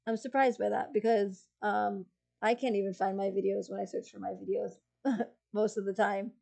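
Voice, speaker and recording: A woman streamer chats with her live viewers in a gravelly, mellow voice. She rambles and giggles, trailing off and restarting her sentences. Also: medium pitch, flat delivery, normal speed. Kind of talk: casual chat with live chat.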